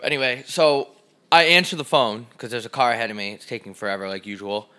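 A man's voice: medium pitch, fast talker, clear, resonant tone. A young man co-hosting a podcast, casually telling stories, swearing freely and acting out the people he quotes. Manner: animated storyteller, swears, acts out quotes loudly. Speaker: podcast co-host. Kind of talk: casual storytelling chat.

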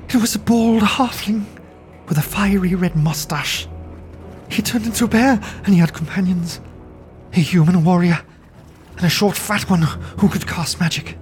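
A man's voice: high voice, moderate pace, faint music behind, pitched above the performer's own voice, close to an everyday voice. A man doing a quivering, frightened harpy. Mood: fearful. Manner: trembling, fearful.

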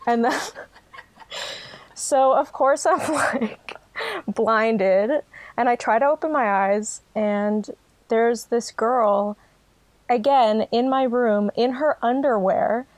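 A woman's voice: on the high side, darkish tone, no echo. A young woman in casual chat, telling her own story candidly and laughing often.

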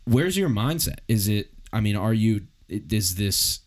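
A man's voice: fairly low pitch, very animated, measured pace. A young man hosting a casual podcast interview, asking long, roundabout questions. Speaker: podcast host.

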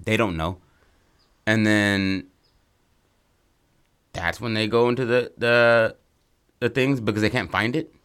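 A man's voice: fairly low pitch, steady tone, slow, long pauses, a bit bright, clean tone. A young man co-hosting, brainstorming a movie plot in casual, rambling chat full of crude slang. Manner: laid-back, rambling storytelling with crude slang. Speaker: co-host brainstorming a story.

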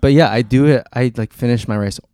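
A man's voice: medium pitch, brisk, mellow, clean tone, dry recording, clean studio sound. A man from Massachusetts chatting as a podcast guest, hesitant and full of fillers, laughing often. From Massachusetts, USA. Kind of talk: casual chat.

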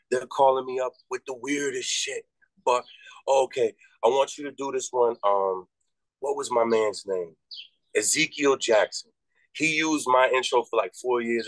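Animated profane male storyteller, dry sound. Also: no room sound, rough recording. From Massachusetts. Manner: animated, profane storytelling with quoted voices and big pitch jumps. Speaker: rapper and podcast guest. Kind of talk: casual storytelling interview.

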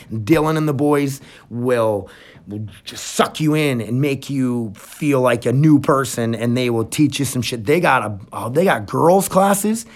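Energetic, profane man hosting a podcast. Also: fairly high pitch. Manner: blunt, profane, energetic then reflective. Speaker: podcast host. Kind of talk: casual solo podcast talk.

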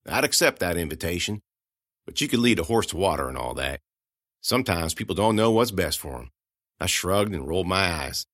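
A man narrating a first-person audiobook in a folksy, conversational way, going hushed at grim moments. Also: low-pitched, sing-song, brisk, no echo, clean studio sound.

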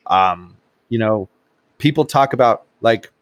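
A man's voice: on the low side, expressive, a little slow, no room sound. A man hosting a podcast, talking bluntly in a casual discussion. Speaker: podcast host.

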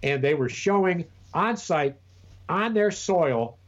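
A man's voice: on the high side, animated, takes it slowly, muffled recording. A man co-hosting a podcast in casual chat, rambling and profane with many restarts. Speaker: podcast co-host.

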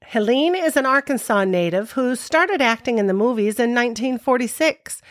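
Brief: measured woman co-host narrating scenes, slightly high voice, dry close sound. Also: lively intonation, dry recording. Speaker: podcast co-host.

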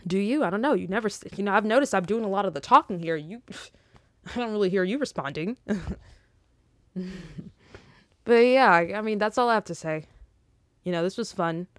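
A woman's voice: medium pitch, animated, normal speed, long pauses, dry recording, clean studio sound. A young woman giving a casual, rambling faith talk, preachy with joking asides, ending in a spoken prayer. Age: young adult. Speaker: Christian vlogger.

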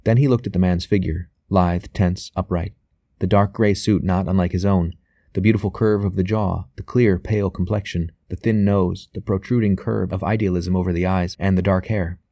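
Guy narrating a novel, low mellow voice, dry close sound. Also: steady tone, normal speed, gravelly, dry recording. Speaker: audiobook narrator. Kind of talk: scripted narration.

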